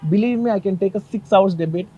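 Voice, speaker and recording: Fast-talking emotional man. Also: high voice, mellow, dull audio, soft background music. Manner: earnest, emotional, insistent with many repetitions. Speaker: film actor at a press conference. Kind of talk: press conference statement.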